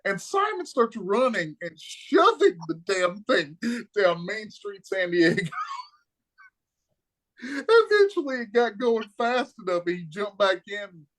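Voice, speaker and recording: A man spins a rowdy anecdote in a slightly raised voice, swearing freely and staying animated throughout. He has the loose, casual manner of a guest in a laid-back chat. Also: high voice, measured pace. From Kentucky, USA. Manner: profane, animated storyteller. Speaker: guest, comic artist.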